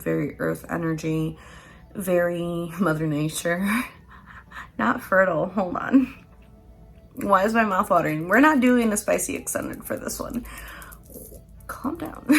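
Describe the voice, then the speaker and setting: Gravelly, playful woman reading tarot cards. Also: on the low side. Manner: playful and chatty, laughs often, swears casually. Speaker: tarot card reader. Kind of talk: casual pick-a-card tarot reading.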